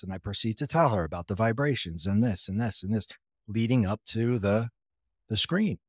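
An interview guest with a lowish voice tells his personal story conversationally at normal speed, retelling what others said with frequent restarts and wry, self-deprecating asides. The recording is studio quality with no room sound.

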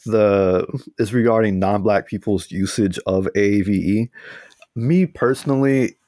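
A man's voice: lowish voice, warm tone, no room sound, studio quality. An American man talking casually as a podcast guest, loose and chatty with lots of fillers. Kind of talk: casual interview talk.

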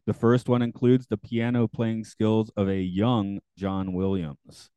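A man with a lowish, mellow voice hosts a podcast. He reads show notes and then chats, hedging with plenty of fillers. The sound is close and dry. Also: little pitch movement, a little slow, smooth, no echo, dull audio. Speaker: podcast host. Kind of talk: casual chat and reading show notes.

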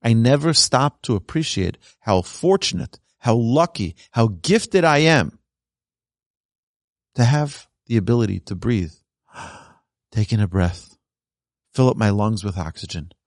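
A man's voice: mid-range voice, a little slow, long pauses, dry recording, clean studio sound. A man teaching a religious class as a rabbi, telling stories and acting out the people in them. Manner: animated storyteller who acts out quoted voices. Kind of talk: storytelling Torah lesson.

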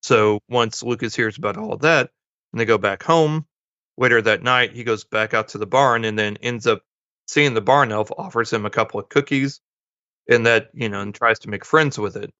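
A man's voice: medium pitch, normal speed, pushed and bright, no room sound. A man co-hosting a podcast, casually retelling a movie plot and acting out the characters' lines in passing. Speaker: podcast co-host. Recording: dull lo-fi dry sound.

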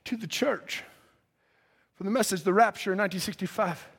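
A man preaching with a very high, bright, forceful voice. He swells from a low, earnest tone into ringing shouts as he presses his points to the congregation. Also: fairly quick, vocal fry, slightly rough. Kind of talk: fervent sermon. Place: church sanctuary.

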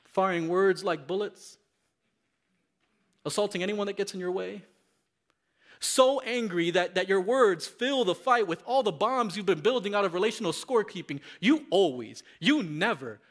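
A man preaching a sermon, reading scripture with dramatic, animated intensity. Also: high voice.

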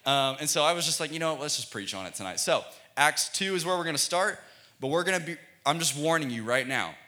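A young man, a student pastor, preaching a playful, energetic youth sermon in a church and calling for audience responses. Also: a little high, fast. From United States.

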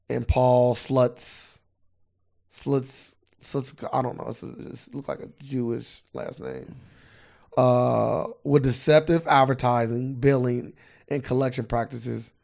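Vocal fry and a darkish tone color this man's mid-range voice as he co-hosts a podcast. He chats casually and loosely, swears plenty and sometimes reads facts off a screen.

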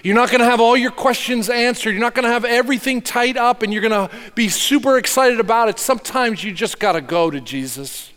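A man preaching a sermon as pastor, earnest, swinging from hushed to emphatic. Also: extremely high pitch, brisk, hardly any pauses, big-room sound.

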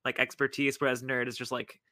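A man's voice: medium pitch, level tone, brisk, pushed and bright, no room sound, clean studio sound. A man guesting on a podcast, chatting casually with wry, dismissive humor. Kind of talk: casual chat.

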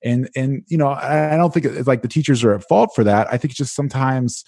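A man being interviewed as an education guest, talking in a casual, animated way with lots of "like". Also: medium pitch, fairly quick, gravelly, dry recording, clean studio sound. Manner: animated, casual, with many "like" fillers. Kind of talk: conversational interview.

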